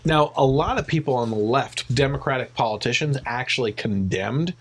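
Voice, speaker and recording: A man's voice: medium pitch, normal speed. A man hosts a casual podcast in a mid-range voice. He talks in an opinionated way, often launching into rants. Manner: opinionated, ranting. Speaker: podcast host.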